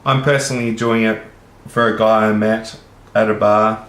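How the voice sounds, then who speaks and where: A man's voice: on the low side, little pitch movement, moderate pace, a bit bright. A man with an Australian accent who talks to the camera in an earnest, rambling monologue and swears casually. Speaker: vlogger. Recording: roomy echo.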